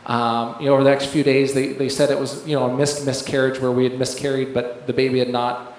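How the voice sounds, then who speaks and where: A man's voice: mid-range voice, little pitch movement, fairly quick. Man telling a testimony in an echoey hall. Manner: rambling, full of fillers and restarts, laughs while telling. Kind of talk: sermon testimony. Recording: very echoey room, faint background noise.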